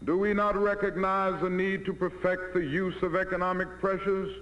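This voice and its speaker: An American man giving a formal public address, with a rhetorical style that builds on repeated phrases, in an archive recording from the 1960s. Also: sits high. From United States. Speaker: civil rights leader giving an address. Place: large hall before an audience. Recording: roomy, dull 1964 archive recording.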